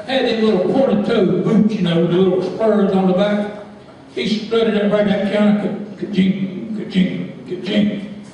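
A man telling a folksy story to a live crowd, animated and laughing as he goes. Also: sits high, measured pace, slight background noise. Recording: echoey hall from far off.

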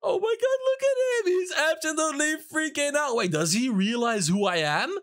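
A man's voice: very high voice, lively intonation, moderate pace, fairly bright tone. A man narrating his Minecraft prank with gleeful, mischievous commentary. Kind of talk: scripted gameplay narration.

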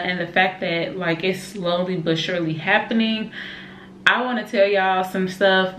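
A young woman and mother chatting excitedly to her camera at home, calling her viewers y'all. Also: on the low side. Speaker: vlogger, mother of an infant. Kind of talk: casual vlog chat to camera. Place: at home, indoors. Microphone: camera set up nearby, moved during talk. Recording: roomy home room with faint background noise.

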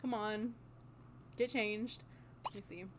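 Excitable young woman commentating a game. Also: medium pitch, slow, noisy background. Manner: excitable, swears, gasps and laughs often. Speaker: gaming channel host. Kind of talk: casual gameplay commentary.

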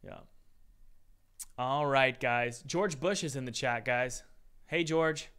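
Smooth-voiced man hosting a live chat. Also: medium pitch, takes it slowly, a bit bright. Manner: chatty, upbeat, addresses viewers as guys, many fillers. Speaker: game dev course host answering live chat. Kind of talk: live-stream Q&A.

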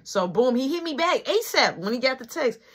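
A man spins a long personal story in a casual vlog, loose and slangy. His voice is bright and sharp, and he keeps checking in with the listener as he goes. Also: very high voice, sing-song, normal speed.

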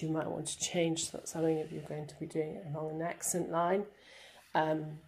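A woman's voice: on the low side, darkish tone. Patient woman teaching a remote lesson. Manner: patient, explaining step by step with fillers. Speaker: class teacher.

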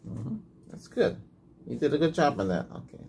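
Man in a soft whispered role-play as a doctor. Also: a little high, sing-song, moderate pace, creaky. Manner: soft, patient, gentle instructions. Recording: noisy hiss and clicks.

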